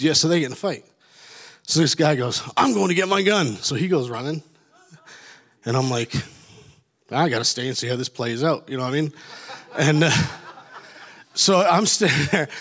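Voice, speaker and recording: A man's voice: medium pitch, a bit bright. A middle-aged man from Canada tells a long personal story in a casual, rambling manner. His voice sits in a mid range. He often restarts his sentences and laughs at his own tale.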